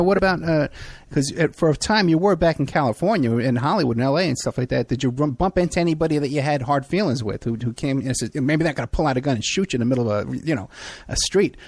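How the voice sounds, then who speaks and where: A male podcast host asks loose, rambling questions full of fillers. His voice sits a little high for a man, and the recording is dry and close. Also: dry recording. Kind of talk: interview questions.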